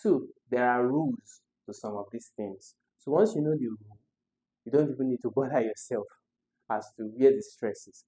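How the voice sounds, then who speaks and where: Guy teaching english exam prep, goes over each answer slow and repeats stuff. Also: mid-range voice, dark tone, low-quality recording. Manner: explains step by step, repeats key words. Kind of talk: exam question walkthrough.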